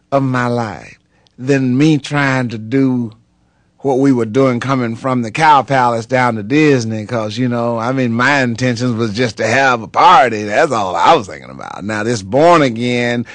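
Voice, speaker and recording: Animated man telling his story slowly. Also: medium pitch, no echo. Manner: animated testimony full of hesitations. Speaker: pastor and singer. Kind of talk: unscripted interview storytelling.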